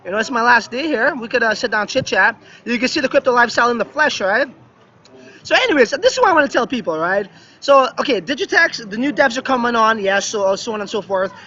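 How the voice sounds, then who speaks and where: Man, high bright voice, chatty live stream talk, slightly dull phone audio. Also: lively intonation, quick pace. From West Indian background. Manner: chatty, repeats "right?" and "yeah, yeah". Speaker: crypto vlogger live streaming. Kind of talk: casual live stream chat. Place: outdoors at a beach resort.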